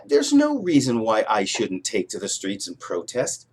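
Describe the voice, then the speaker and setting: Husky-voiced man ranting heatedly. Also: on the low side, wildly swooping pitch, measured pace. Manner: heated, frequent fillers and restarts. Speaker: political vlogger. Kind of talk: rambling political rant to camera.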